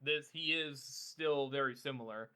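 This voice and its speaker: Podcast co-host, male, bright tone, earnest and loose, fond of fillers. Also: medium pitch, measured pace, clear, resonant tone. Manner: earnest, rambling, with many "like" fillers. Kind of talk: casual book discussion.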